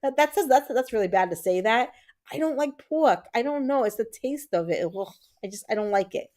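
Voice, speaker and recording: A woman's voice: a little high, lively intonation, fairly quick, a little mellow. A woman in her thirties with a Puerto Rican accent, hosting a casual livestream and chatting with viewers, reading comments aloud and rambling with fillers. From Puerto Rico. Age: 30s. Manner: chatty, reads out chat comments, frequent fillers and repeats. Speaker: livestream host.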